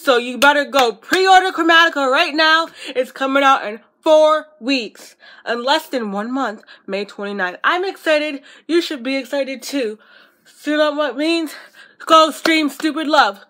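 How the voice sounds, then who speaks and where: A woman vlogging as an excited fan, gushing breathlessly and repeating herself. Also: sits high, slight background noise.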